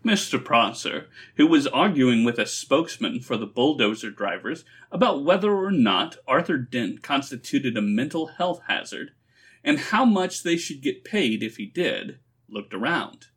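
A man narrating a comic story in an expressive, dry reading style. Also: medium pitch, a little slow, slightly rough. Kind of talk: audiobook-style reading for a phone story line.

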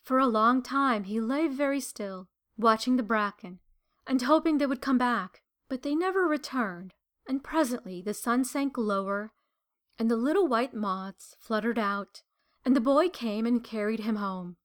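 A woman narrating a children's story aloud in a gentle, measured and expressive way. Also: fairly high pitch.

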